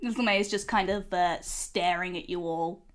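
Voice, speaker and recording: A woman's voice: fairly low pitch, steady tone, normal speed. A woman narrating as game master of a tabletop game, hesitant and full of filler words. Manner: hesitant, many ums and uhs.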